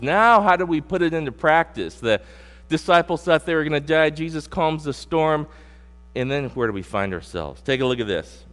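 A middle-aged man preaching a sermon as pastor. He moves from loud, punchy emphasis to slow, low scripture reading. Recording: long hall reverb with mains hum.

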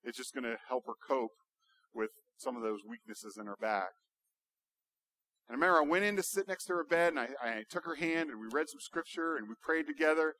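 A male pastor preaching a sermon, building to loud, emphatic rhetorical questions. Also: on the high side, expressive, a little fast.

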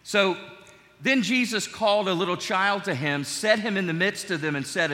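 A man's voice: sits high, normal speed, pushed and bright. A middle-aged man preaching a sermon as pastor, in a conversational, joking way with his congregation, in a large church. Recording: long church hall reverb.

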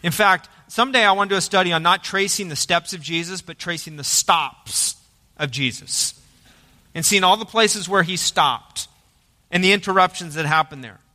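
Bright-voiced preacher in a reverberant hall. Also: male voice, sits high, moderate pace. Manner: emphatic preaching, rises to loud dramatic quotes. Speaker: pastor. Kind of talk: sermon. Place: church sanctuary.

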